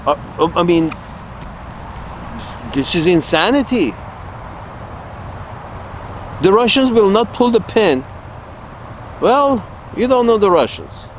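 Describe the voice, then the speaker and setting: Speaking slowly with long pauses, an online commentator with a high-sitting, very animated voice gives his audience a rambling, crude, and blunt political monologue. He repeats himself and laughs at his own jokes, and there's a little hiss or hum.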